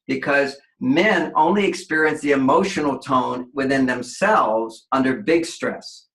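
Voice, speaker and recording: Guy w a bright tense voice, explains stuff at length, echoey room. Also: mid-range voice, unhurried. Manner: expansive, acts out quoted voices. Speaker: relationship author, guest. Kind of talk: explanatory interview talk.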